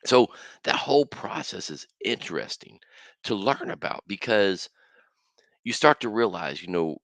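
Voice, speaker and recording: A middle-aged man hosting a casual solo podcast, animated and slangy, with bursts of loud excitement. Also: on the low side, unhurried, creaky, no echo. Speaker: podcast host.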